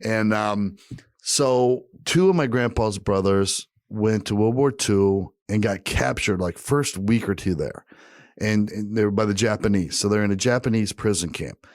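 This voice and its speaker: A low-voiced man telling a wild story on a podcast. He swears freely and jumps into the voices of the people in the story, recorded close and dry with no room sound. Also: unhurried, no echo. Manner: animated storyteller, acts out quoted voices; profane, laid-back. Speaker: podcast co-host. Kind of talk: casual storytelling chat.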